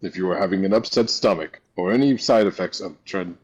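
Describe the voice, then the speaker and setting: A man putting on a gruff, dismissive ship doctor. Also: brisk, darkish tone. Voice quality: low and curt.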